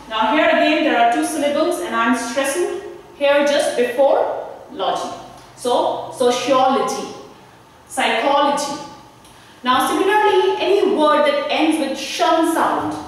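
A woman teaching pronunciation. She speaks slowly and deliberately and leans on the stressed syllables of her example words. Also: high-pitched. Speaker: English language faculty teacher. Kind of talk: pronunciation tutorial. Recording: echoey hall, voice from far off, faint noise.

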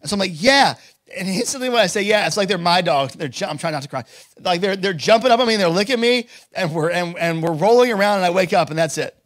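A man's voice: high voice, animated, fast talker, dry recording. A man preaching a sermon as pastor, telling stories casually with lots of fillers and building to emphatic declarations. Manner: casual storytelling with many fillers.

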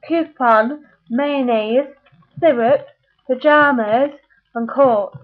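A woman's voice: sits high, drawn-out words. A British woman vlogger reading a word list and answering questions about what she calls things, in a chatty way. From United Kingdom. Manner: chatty, reads words one by one. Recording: tinny phone-like sound.

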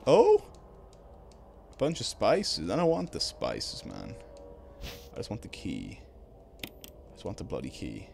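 A young man streaming a horror game, swearing a lot and breaking into loud excited shouts. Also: low-pitched, unhurried, vocal fry, long pauses, a little hiss or hum. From Ireland. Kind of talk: live gaming commentary.

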